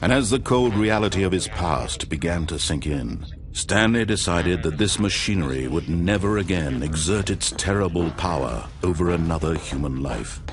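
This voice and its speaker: Omniscient game narrator, measured and dramatic, fairly low voice. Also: male voice, animated. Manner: measured, dramatic, rising to intense. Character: grave omniscient male narrator. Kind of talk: scripted storybook-style narration. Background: loud game music.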